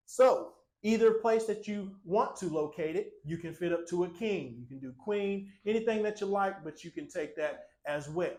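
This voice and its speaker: A man hosting a walkthrough tour of a small home, delivering an upbeat sales pitch to his viewers. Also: expressive, moderate pace, hardly any pauses, darkish tone, poor audio. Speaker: tiny home salesman and channel host. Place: inside a small cabin-style home and on its screened porch.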